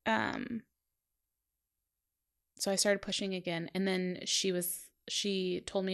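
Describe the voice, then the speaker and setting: A woman's voice: fairly low pitch, steady tone, a little slow, creaky. A woman in her thirties co-hosting a podcast, telling a personal story in casual chat, acting out quotes and laughing often. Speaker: podcast co-host.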